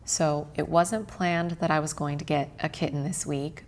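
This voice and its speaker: A woman vlogger narrating a voice-over in a gentle, relaxed way. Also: sits low, normal speed, a little hiss or hum.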